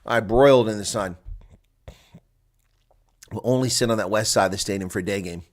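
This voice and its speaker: Excitable man doing live rugby reactions. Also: on the low side, a little fast. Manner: chatty and excitable, laughs at players' mistakes. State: coughing, congested throat. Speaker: rugby watch-along commentator. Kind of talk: live play-by-play reaction commentary.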